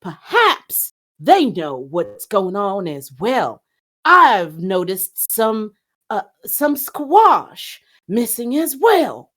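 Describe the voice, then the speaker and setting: A woman voicing Bluefish, a calm and gallant puppet fish in a tabletop game, who speaks in a slow, stately way. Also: mid-range voice, full character voice. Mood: reassuring.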